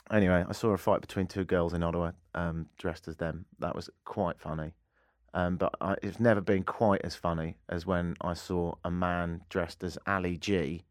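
Speaking on a studio mic with no room sound, a radio host with a deep voice rambles through self-deprecating stories on his comedic talk show.

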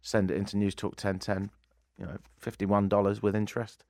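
A man's voice: on the low side, level tone, a little fast, creaky, a little mellow, no room sound. A man hosting a comedic talk radio show, telling rambling self-deprecating anecdotes on a studio mic. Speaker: radio host. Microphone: studio microphone.

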